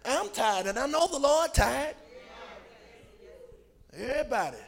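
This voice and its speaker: High, gravelly preacher man shouting. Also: lively intonation, unhurried. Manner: shouts and half-sings lines, calls on the congregation. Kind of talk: sermon.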